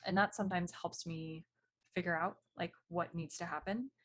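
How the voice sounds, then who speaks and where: A woman's voice: on the low side, fairly even intonation, moderate pace. A woman co-hosting a casual chat about writing, talking in a friendly, chatty, supportive way. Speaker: podcast co-host, novelist.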